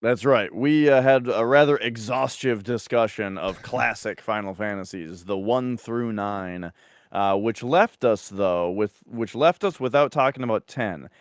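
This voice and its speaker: A man co-hosting a podcast in casual chat, rambling with lots of fillers and animated asides. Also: lowish voice, unhurried, no echo, studio quality. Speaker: podcast co-host.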